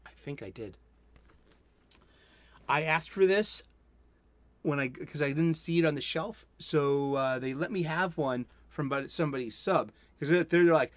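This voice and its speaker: A man's voice: fairly high pitch, a little slow, long pauses, no room sound. A man, hosting a casual solo comics review stream and rambling enthusiastically with many self-interruptions. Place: home studio.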